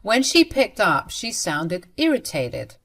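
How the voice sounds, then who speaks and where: A woman's voice: mid-range voice, huge pitch swings, slow. A woman narrating a first-person family drama story in a matter-of-fact way, addressing her listeners.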